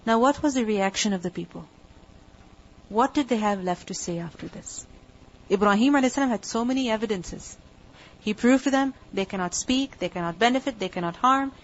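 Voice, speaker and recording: A fairly high-voiced woman gives a religious lecture, working through each point patiently and posing rhetorical questions before answering them herself. The recording is dull and lo-fi, with the top end muffled. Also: animated, fairly quick. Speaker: Quran teacher.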